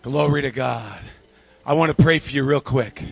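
A man's voice: medium pitch, normal speed, creaky, breathy edge, muffled recording, faint music behind. A man preaching a sermon to his congregation, a fervent storyteller who repeats phrases and calls people forward. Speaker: pastor. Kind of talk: sermon with altar call. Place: church sanctuary.

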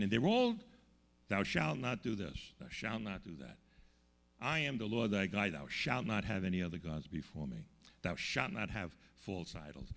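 A man preaching a sermon with emphasis, slowing down to stress key words and checking in with his listeners with questions. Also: lowish voice, vocal fry, a bit bright, big-room sound.

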